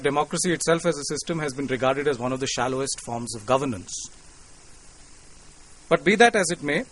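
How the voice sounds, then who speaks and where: A man with an Indian English accent giving a formal, courteous public lecture to an audience, measured and lightly humorous. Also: a little high, low-quality recording. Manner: courteous, measured, with cricket quips. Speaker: invited lecturer. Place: lecture hall.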